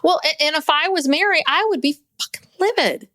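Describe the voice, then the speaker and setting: A woman's voice: sits high, a little fast, pushed and bright, dry recording. A woman co-hosting a podcast, recapping a reality show in casual chat, blunt and exasperated, swearing and acting out quotes in mocking voices. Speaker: podcast co-host.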